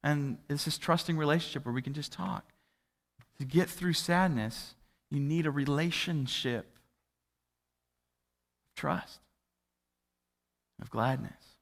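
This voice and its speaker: A man's voice: mid-range voice, fairly bright tone. A young adult man, a pastor, preaching a sermon in a church and telling self-deprecating stories in a conversational way. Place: church sanctuary. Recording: hall reverb from a church livestream.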